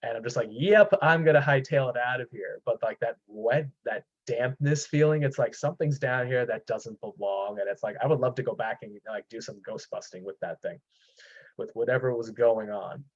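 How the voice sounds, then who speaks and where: A man's voice: medium pitch, moderate pace, a little mellow. A man telling a personal paranormal story in casual chat, rambling with many fillers and restarts. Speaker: podcast host. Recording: dull lo-fi sound.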